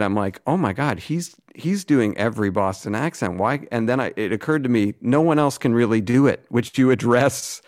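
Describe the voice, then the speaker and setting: A man from New England hosting a casual podcast chat, laughing often and talking in a loose, rambling way. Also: mid-range voice. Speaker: podcast host.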